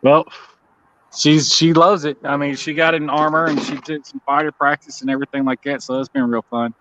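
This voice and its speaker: A man's voice: a little high, little pitch movement, fairly quick, bright, forceful tone, slight background noise. A man co-hosting a livestream coin auction, chatting casually, laughing often and greeting viewers in the chat. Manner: laid-back, laughs often, chats with viewers. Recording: slightly dull lo-fi stream audio.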